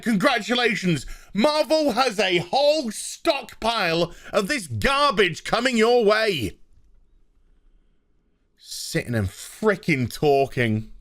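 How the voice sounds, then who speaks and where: A man's voice: sits high, a bit bright, no echo, studio quality. A man reviewing a show in an exasperated, sweary rant. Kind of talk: ranting review.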